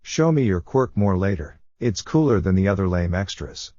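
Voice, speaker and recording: A man's voice: low voice, lively intonation, normal speed, mellow, dry recording. A man voicing a boastful little boy who brags, through a dull, dry recording. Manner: bragging.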